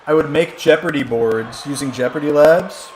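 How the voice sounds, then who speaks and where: This live-stream commentator is a man whose voice leans high, speaking at a moderate pace over slight background noise. He rambles and jokes his way through excitable play-by-play of a wrestling video game.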